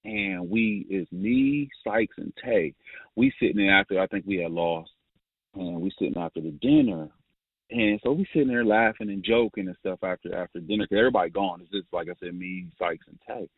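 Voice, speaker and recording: A man's voice: fairly low pitch, lively intonation, fairly quick, creaky, husky, no echo. A man, a former college player, tells stories as a guest, laughing often and restarting his sentences with many fillers. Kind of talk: casual storytelling. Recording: phone-like line.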